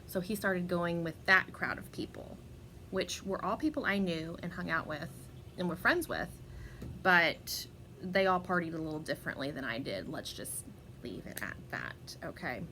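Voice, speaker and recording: A woman's voice: on the low side, animated, normal speed, sharp tone, a little hiss or hum. A woman telling a casual personal story as a podcast host, chatty, laughing often, with lots of fillers and restarts.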